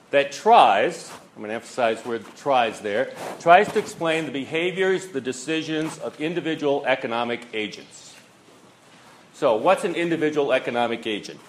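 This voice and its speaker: A man's voice: mid-range voice, fairly bright tone, slight background noise, rough recording. A man giving an informal university economics lecture, conversational, with fillers and rhetorical questions. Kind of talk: classroom lecture.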